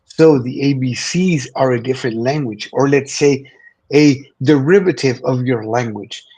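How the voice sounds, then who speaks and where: Earnest middle-aged man with husky voice. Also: medium pitch, moderate pace, dark tone. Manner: earnest, repeats words when starting phrases. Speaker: podcast guest. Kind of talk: motivational conversation.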